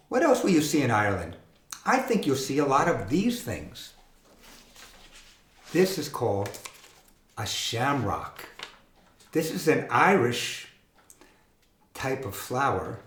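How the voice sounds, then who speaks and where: A man hosting a children's music show, explaining things gently and enthusiastically to young listeners. His voice is slow and lively, sitting a little high. The room is echoey, with a faint guitar behind.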